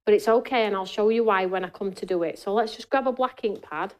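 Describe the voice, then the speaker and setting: A woman's voice: medium pitch, quick pace, darkish tone. A woman hosting a live craft demonstration in a studio, chatting to her viewers and answering their comments as she works. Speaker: craft show host.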